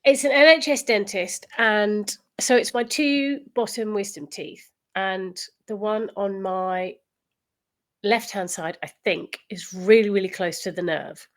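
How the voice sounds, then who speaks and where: Her medium-pitched voice never hurries. She's a woman from the south of England co-hosting a podcast, full of giggles and easy chatter.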